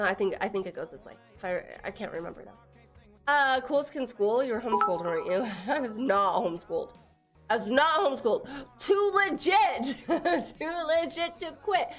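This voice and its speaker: A young woman from Texas chatting casually on a live stream, laughing often and teasing her viewers as she reads their messages. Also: medium pitch. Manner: giggly, teasing, reads chat aloud.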